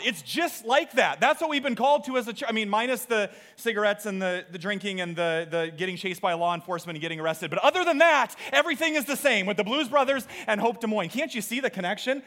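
A man preaching as a pastor in a church service, earnest and animated, with repeated phrases. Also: high-pitched, fast, hardly any pauses. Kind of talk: sermon. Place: church auditorium.

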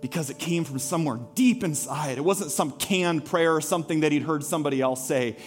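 A pastor with a slightly high voice preaches to his congregation in a sanctuary. He tells his story earnestly and builds to rousing calls to worship. Soft music plays faintly beneath him. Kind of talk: sermon. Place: church sanctuary.

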